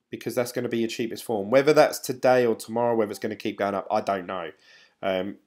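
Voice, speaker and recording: A man's voice: medium pitch, darkish tone. A middle-aged man hosting a casual live stream. He rambles in a chatty way and reads out viewer comments. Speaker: crypto YouTuber, live-stream host.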